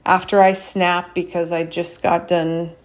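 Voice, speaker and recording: A woman chiropractor hosting a casual solo podcast, talking frankly and swinging her pitch up and down to demonstrate different tones of voice. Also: flat delivery, a little slow.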